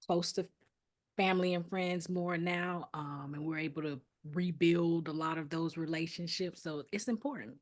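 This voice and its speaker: A woman's voice: fairly low pitch, normal speed. A woman hosting a casual interview, chatty and laughing often. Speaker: interview host.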